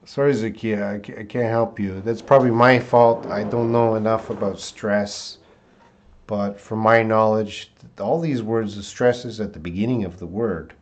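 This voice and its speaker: A man's voice: on the low side, steady tone, moderate pace, lo-fi sound. Casual hesitant man teaching online. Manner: casual, hesitant, reads viewer comments aloud. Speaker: English teacher. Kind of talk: live-stream English lesson. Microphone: desktop USB mic.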